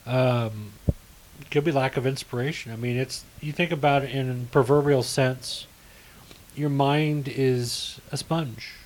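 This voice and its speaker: In a low-quality recording with slight background noise, a middle-aged podcast co-host chats casually, spinning rambling stories and self-correcting as he goes. His voice is mid-range and steady, at a measured pace.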